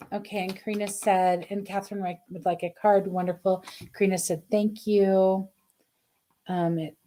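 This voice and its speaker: Brief: middle-aged woman, mellow tone, gushing live-stream card reader. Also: fairly low pitch. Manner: effusive, chatty, reads viewer comments aloud. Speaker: spiritual card reader, host.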